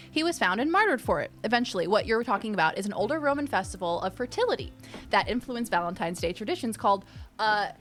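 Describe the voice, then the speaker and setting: A young woman streamer chatting casually, reading and answering her chat with sudden squeals of excitement. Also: medium pitch.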